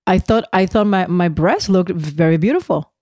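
A middle-aged woman co-hosting a podcast, telling a story in lively casual chat and laughing often. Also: lowish voice, normal speed. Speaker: podcast co-host.

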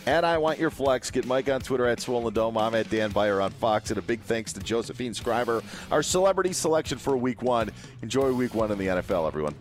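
A man's voice: mid-range voice, expressive, fairly quick, faint music behind. Chatty man co-hosting a sports podcast. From Wisconsin. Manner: jokey, wraps up the show. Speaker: podcast co-host. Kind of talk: casual sports podcast chat.

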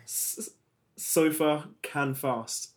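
A man's voice: fairly high pitch, fairly even intonation, extremely slow. A man co-hosting a podcast, talking dryly and hesitantly in casual banter. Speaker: podcast co-host. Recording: noisy with clicks.

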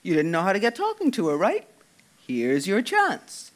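A man's voice: high-pitched, wildly swooping pitch, normal speed, pitched above the performer's own voice. A man voicing a big, easygoing young Irish man who teases his friend with a straight face. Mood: teasing. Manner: dry, teasing, mock-serious.

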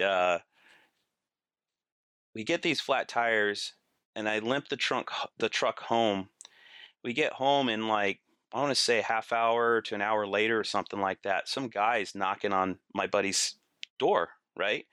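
A man's voice: lowish voice, a little slow, bright, forceful tone, smooth, no room sound, clean studio sound. A man guesting on a podcast, telling stories casually, acting out quotes and laughing through them. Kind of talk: casual storytelling.

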